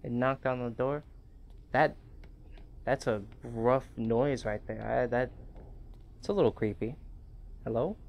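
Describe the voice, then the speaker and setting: A man's voice: mid-range voice, measured pace, long pauses. A man hosting a gaming channel, giving chatty, rambling commentary as he plays, laughing often. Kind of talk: casual game commentary.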